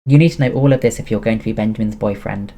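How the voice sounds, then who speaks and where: A man's voice: fairly low pitch, quick pace. A man reading aloud, voicing a brash, oversharing French woman who runs a café, with a French accent. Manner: loud, teasing, dramatic.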